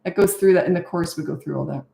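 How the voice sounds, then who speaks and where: A woman's voice: fairly low pitch, fast, vocal fry, mellow. Older woman coach giving blunt, chatty parenting advice in a roomy, echoing space. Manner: chatty, emphatic, drifts into anecdotes. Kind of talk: answering viewer questions, casual advice. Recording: roomy echo.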